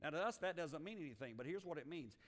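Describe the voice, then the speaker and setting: A man's voice: on the high side, animated, fast, fairly bright tone, long reverb tail. A man preaching a sermon as a pastor, talking emphatically with frequent restarts and building in volume.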